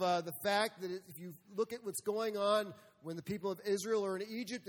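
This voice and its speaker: A man with a high, ringing voice preaches a sermon, leaning into emphatic rhetorical questions and now and then acting out God speaking. His voice carries a long reverb, as in a large church hall. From United States. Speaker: pastor. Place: church sanctuary.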